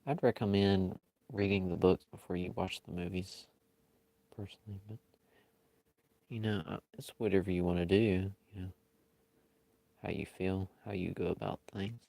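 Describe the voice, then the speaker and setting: A man with a fairly low voice chats with viewers as he draws. He talks in an unhurried, easygoing way that often rambles. The sound is dry, with almost no room echo. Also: fairly even intonation, gravelly, warm tone. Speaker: live-stream artist. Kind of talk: casual chat while drawing.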